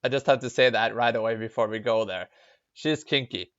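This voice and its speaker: A man's voice: mid-range voice, fairly quick, no echo, dull audio. A man from Norway, giving chatty, giggly commentary while reading a visual novel aloud. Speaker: let's play gamer.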